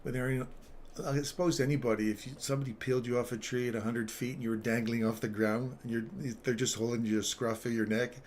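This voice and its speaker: A man's voice: mid-range voice, level tone, quick pace, slight background noise. A man telling a rambling story on a live trading stream, chuckling between phrases.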